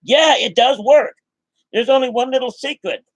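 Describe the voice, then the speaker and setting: A woman's voice: high voice, moderate pace, no echo. An older woman giving an emphatic, preachy motivational monologue to camera, full of rhetorical questions. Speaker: vlogger.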